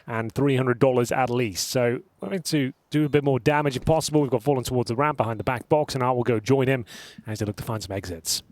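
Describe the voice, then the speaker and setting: A man casting a live esports match, calling the play quickly and analytically. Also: mid-range voice, a little mellow, no room sound. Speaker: esports caster.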